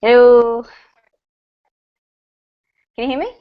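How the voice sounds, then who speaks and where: A woman's voice: fairly high pitch, steady tone, slow. A woman from Australia, a course participant, chatting on a call and often laughing. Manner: laughs often, unsure if heard. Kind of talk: casual chat on a call. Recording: distant lo-fi call audio.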